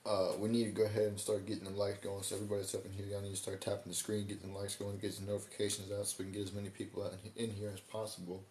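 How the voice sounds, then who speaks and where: A man's voice: on the low side, monotone, rapid-fire, hardly any pauses, darkish tone. A man hosting a casual livestream, talking in a laid-back, slangy way and stumbling over his words now and then. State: hiccups. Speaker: livestream host. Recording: roomy echo, faint background noise.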